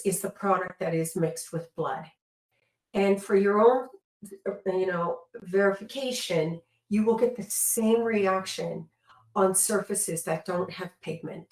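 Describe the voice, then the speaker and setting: A woman's voice: fairly low pitch, a little slow, a little mellow. A woman tattoo-removal trainer giving an earnest instructional demonstration and often correcting herself mid-sentence. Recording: echoey room.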